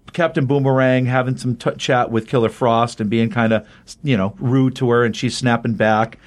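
A man casually recapping a comic book on a podcast, chatty and rambling, often restarting his sentences. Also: medium pitch. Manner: chatty, rambling, with frequent restarts and quoted dialogue.

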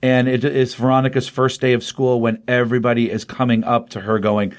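A man's voice: mid-range voice, flat delivery, brisk. A middle-aged man co-hosting a podcast, casually retelling comic plots in a chatty way with frequent fillers. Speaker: podcast co-host reviewing comics. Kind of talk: casual review chat.

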